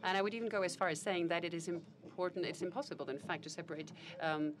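A woman giving live spoken interpretation of a panel conversation, formal and measured, often pausing on fillers and correcting herself mid-phrase. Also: on the low side, steady tone, crowd noise. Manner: halting, with fillers and self-corrections.

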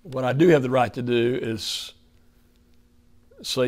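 A man's voice: medium pitch, a little slow, long pauses, a little mellow. A man with an Oklahoma accent preaching a folksy, conversational sermon in a church fellowship hall, putting questions to the room.

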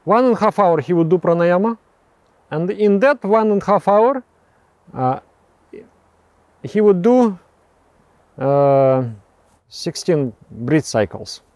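A male meditation teacher with a fairly high yet mellow voice, recorded close and dry. He explains breathing practice haltingly, repeating words and restarting phrases, with soft laughs between remarks. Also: expressive, no room sound.

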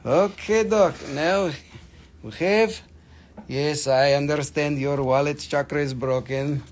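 Excited man selling minerals live. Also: on the high side, slow, slight background noise. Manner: animated, reads chat comments aloud, bursts into excited shouts. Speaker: live-stream mineral seller. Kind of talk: live-stream sales chat.

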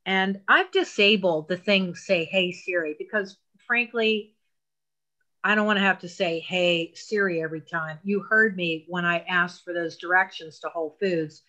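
A woman's voice: lowish voice, fairly even intonation, moderate pace, bright, forceful tone. A woman teaching an online technology class, walking learners patiently step by step through phone settings with emphatic asides.

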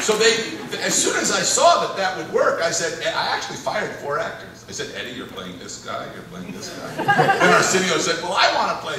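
A man's voice: high-pitched, very noisy. A man, a film director, telling rambling anecdotes on stage with frequent chuckles, taped from the audience. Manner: rambling, chuckling, animated storyteller. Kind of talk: anecdotal Q&A storytelling. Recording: echoey hall, taped from far off in the audience. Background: audience laughter and room ambience.

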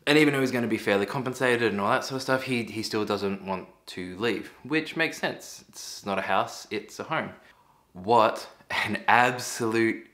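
Man, very low voice, casual film review, enthusiastic, laughs a lot, swears casually. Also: moderate pace, pushed and bright.

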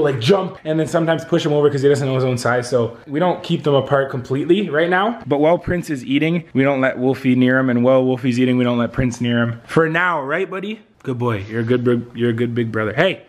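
Hyped young man vlogging. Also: on the high side. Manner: hyped, slangy, swears casually. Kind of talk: casual vlog chat.

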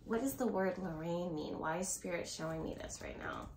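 A woman's voice: fairly low pitch, wildly swooping pitch, moderate pace, gravelly, darkish tone, a little hiss or hum. A woman giving a casual tarot reading to her viewers. She talks in a rambling, blunt way, swears now and then, and laughs nervously. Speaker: tarot reader. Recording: roomy echo.

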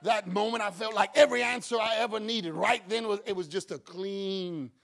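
A man preaching a sermon as pastor, moving from quiet talk to shouted preaching and acting out his own prayers and God's answers. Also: high voice, normal speed, gravelly.

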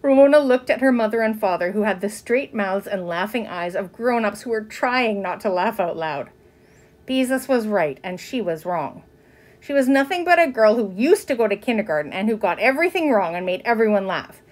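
Expressive woman reading a children's book. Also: mid-range voice, normal speed. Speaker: reader. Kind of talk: storybook narration.

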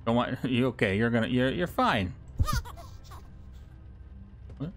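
Faint music plays behind a young man's expressive, mid-range voice as he narrates a let's play at a measured pace. He teases an on-screen baby, chats to it, and sometimes erupts into laughs and yelps.

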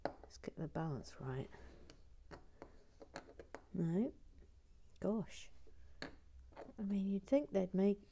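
A woman's voice: medium pitch, big pitch swings, drawn-out words, creaky, long pauses, mellow, slight background noise. A woman chatting casually as she builds toys, with wry, playful remarks and frequent whispered asides. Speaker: host. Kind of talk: casual narration of a toy build.

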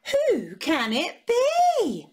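Bouncy high-voiced woman telling a kids' story. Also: wildly swooping pitch, extremely slow, a little mellow. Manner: playful, full of gasps and sing-song counting. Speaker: children's storyteller. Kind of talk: animated read-aloud for young children.

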